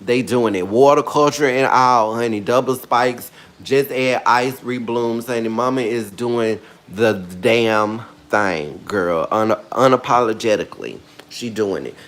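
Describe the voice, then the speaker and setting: A sassy man chats through a casual how-to vlog, full of playful, dramatic asides. His voice sits in an everyday middle pitch. He keeps an easy, conversational flow throughout. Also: unhurried, a bit bright. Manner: sassy, chatty, calls viewers girl and honey. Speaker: orchid care vlogger.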